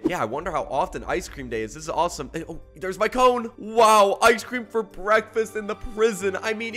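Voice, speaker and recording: High, excitable male gamer narrating. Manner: excitable and animated, swinging between dread and delight. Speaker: gaming YouTuber. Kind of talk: gameplay commentary, reading out other players' chat in put-on voices.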